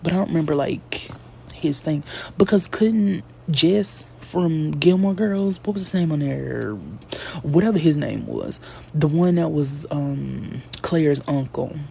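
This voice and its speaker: A man's voice: fairly high pitch, a little slow, vocal fry, mellow, slight background noise. A man hosting a casual live stream, chatting and answering comments from his viewers. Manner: chatty, reads and answers chat comments aloud. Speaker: livestream host.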